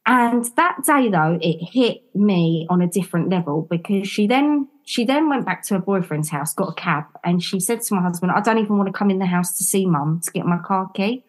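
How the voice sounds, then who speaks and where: A woman, telling her story as a podcast guest in a lively, expressive way and acting out what people said. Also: brisk, few pauses. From London. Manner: animated, acts out quotes with big pitch jumps. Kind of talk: casual interview storytelling.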